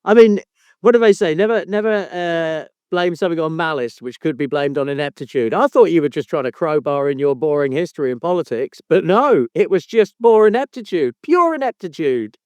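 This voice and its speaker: A man hosting a casual podcast, his voice high and animated as he ribs his co-host with mock outrage and casual swearing. The sound is close and dry. He leans hard into exaggerated exasperation. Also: fairly quick, clear, resonant tone, dry recording. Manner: teasing, mock-indignant, swears freely. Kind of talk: casual chat.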